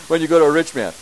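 A man preaching a church sermon, building to emphatic, repeated bursts and then dropping back to a quieter teaching tone. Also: fairly high pitch, slight background noise, low-quality recording. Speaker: pastor.

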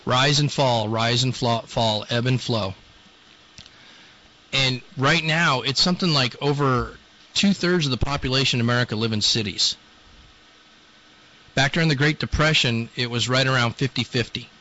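A man's voice: medium pitch, normal speed, pauses often, sharp tone, muffled recording. A man hosting a talk show, delivering a blunt, scolding monologue. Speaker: radio show host.

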